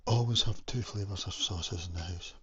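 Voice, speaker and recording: A man's voice: deep voice, normal speed, a bit bright. A man from Scotland chatting casually on his vlog while cooking, rambling with lots of fillers. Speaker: vlogger. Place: home kitchen. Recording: lo-fi home recording with background noise.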